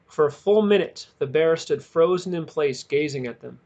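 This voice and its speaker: Man, audiobook narration, slightly higher voice, measured, dramatic emphasis. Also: expressive, darkish tone, muffled recording. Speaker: audiobook reader. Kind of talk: reading a novel aloud.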